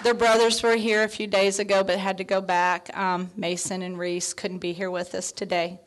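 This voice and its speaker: A woman in her fifties giving a heartfelt, near-tearful award acceptance speech, full of thanks, fillers and soft laughs. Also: mid-range voice, flat delivery, moderate pace. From Texas. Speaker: award honoree.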